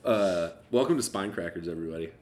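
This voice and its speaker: Low-ish voiced guy swearing and joking on a podcast. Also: expressive, fast, a little mellow. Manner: crude, irreverent banter. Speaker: podcast co-host. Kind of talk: casual comedic chat.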